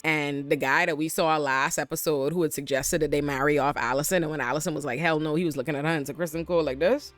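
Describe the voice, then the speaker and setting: A woman with a deep, slightly bright voice casually recaps a TV episode as its host. She retells the scenes and acts out the characters' lines, her voice jumping widely as she does.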